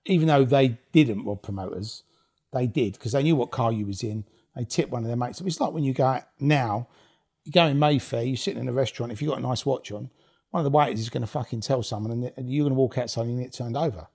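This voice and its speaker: A man's voice: mid-range voice, fast talker, darkish tone, slightly rough. A man, telling blunt, swear-filled stories as an interview guest, laughing as he goes. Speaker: guest, former rave promoter. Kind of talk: casual storytelling interview.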